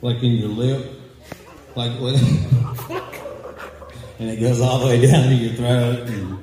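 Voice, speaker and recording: Rambling man doing stand-up, slow and echoey. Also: mid-range voice, steady tone, warm tone. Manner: loose, rambling, laughing at his own jokes. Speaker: stand-up comedian. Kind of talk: stand-up comedy set. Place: club or hall with a live audience. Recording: echoey hall, noisy live room.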